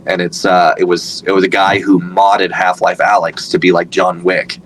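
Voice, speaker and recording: A man's voice: sits low, little pitch movement, moderate pace, fairly bright tone, a little hiss or hum, poor audio. A man in his thirties, a voice actor guest, chatting casually in an interview, rambling with lots of fillers and restarts.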